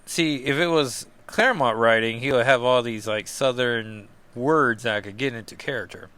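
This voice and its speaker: A man recaps comic books in a loose, rambling way, full of ums and self-deprecating asides. His voice is bright and smooth, at a middling pitch. The sound is dry and close. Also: expressive, unhurried, hardly any pauses, no room sound. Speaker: comic book podcast host.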